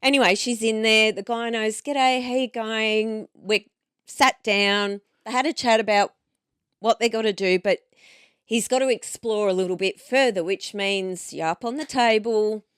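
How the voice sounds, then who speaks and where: A woman's voice: medium pitch, moderate pace, fairly bright tone, smooth, no room sound. Aussie woman podcast host, rambling chatty storyteller, dead dry studio sound. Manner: chatty storyteller, goes off on tangents. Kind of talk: casual chat. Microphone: studio microphone.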